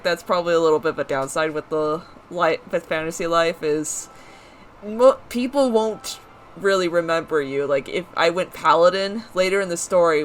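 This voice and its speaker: Casual gaming host, chatty, rambling, mid-pitched voice, faint hiss on the track. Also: fairly bright tone. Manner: chatty, rambling, self-correcting asides. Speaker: let's play host. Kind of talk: casual game commentary.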